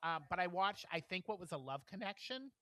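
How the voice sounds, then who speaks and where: Bright-voiced animated male podcast storyteller. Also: high-pitched, brisk. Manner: animated storyteller, acts out quotes, laughs often. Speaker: podcast co-host. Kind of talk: casual chat, storytelling.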